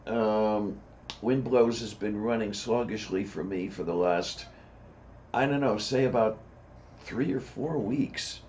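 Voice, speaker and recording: A man co-hosting a casual chat, relaxed and rambling, with dry asides. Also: medium pitch. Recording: dull lo-fi sound with faint noise.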